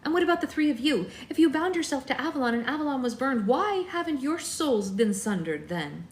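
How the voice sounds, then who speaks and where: An eager, bookish young librarian, as a woman puts her on, high-pitched and quick, with breathless excitement in her words. Storybook reading with roomy echo. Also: a little hiss or hum.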